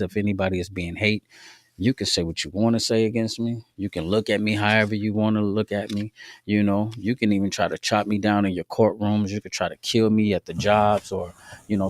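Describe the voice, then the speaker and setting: A podcast host with a lowish voice tells faith-based stories in a laid-back, slangy style, often turning to address listeners directly. There's no echo on the recording.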